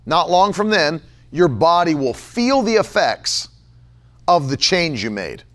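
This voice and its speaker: A middle-aged man preaching a sermon, emphatic, repeating key phrases and slowing down to stress them. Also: a little high, very animated, fairly bright tone.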